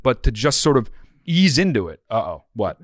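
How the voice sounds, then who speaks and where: A man's voice: mid-range voice, very animated, moderate pace, no room sound, studio quality. A man co-hosting a podcast, giving blunt, profane advice in a casual chat. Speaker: podcast co-host.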